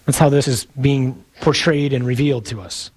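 A man preaching a sermon in a conversational, playful way, pausing for emphasis. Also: medium pitch, fairly even intonation, darkish tone, breathy edge.

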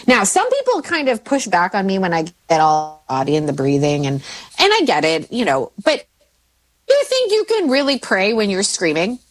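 Animated woman with a lively voice. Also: normal speed. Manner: animated, swoops into high pitch when quoting herself. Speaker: mindset coach. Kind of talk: casual podcast chat.

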